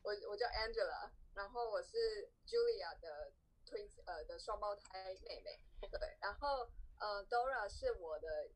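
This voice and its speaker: A woman introducing herself in a language exchange group over a video call, halting with fillers. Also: medium pitch, lively intonation, low-quality recording. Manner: halting, frequent fillers and restarts.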